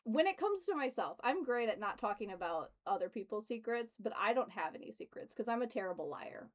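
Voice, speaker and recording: A woman's voice: a little high, lively intonation, fairly quick, muffled recording. A woman hosting a tabletop game stream, chatting casually and giggling often. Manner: giggly, laughs often between words. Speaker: streamer and host.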